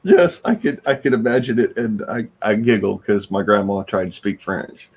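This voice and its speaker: A man in casual chat, easygoing and quick to laugh along. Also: on the low side, husky. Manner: laughs often, easygoing banter.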